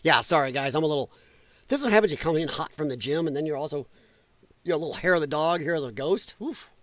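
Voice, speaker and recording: A man's voice: on the high side, fast, a bit bright, no room sound. A male podcast host giving blunt, profane, sarcastic livestream commentary.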